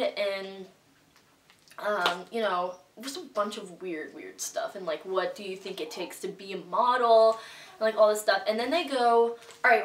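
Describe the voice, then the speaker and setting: A young woman vlogger tells her viewers a story casually and chattily, packing it with "like" and acted-out quoted reactions. Her medium-pitched voice sounds slightly off-mic from a distant microphone, with a roomy echo.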